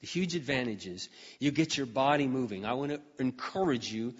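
A middle-aged man preaching in a large hall, his voice trailing off into a long reverb. He tells his story earnestly, clears his throat often, and now and then surges into fervent cries. The recording sounds slightly dull and muffled. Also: mid-range voice, expressive, fairly quick. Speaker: pastor. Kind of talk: sermon.

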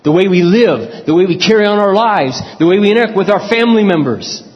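A middle-aged man preaching a sermon, animated, acting out his own prayers and quotes. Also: sits high, quick pace. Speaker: pastor. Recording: dull lo-fi recording in a reverberant hall.

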